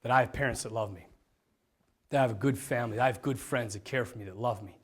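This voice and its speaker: A priest giving a personal testimony to a group, animated and self-mocking. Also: male voice, mid-range voice, quick pace, breathy edge. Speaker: priest, vocation director.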